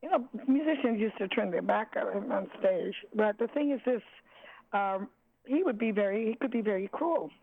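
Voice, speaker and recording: An older woman, a jazz singer, reminiscing in an interview, halting and searching for words with many restarts. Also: medium pitch, expressive, vocal fry, husky, dry recording. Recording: tinny phone line.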